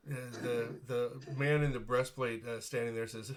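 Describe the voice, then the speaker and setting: A man's voice: medium pitch, fairly even intonation, moderate pace, hardly any pauses, crowd noise. Guy running a tabletop game on a stream, laid back, lots of ums and chuckles. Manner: casual, chuckling, many fillers. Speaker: game master.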